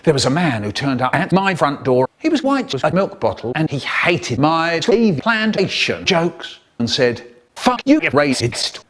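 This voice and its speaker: A man telling a comic story with exaggerated, expressive delivery. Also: fairly high pitch, normal speed, few pauses. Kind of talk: comic storytelling, spliced from clips.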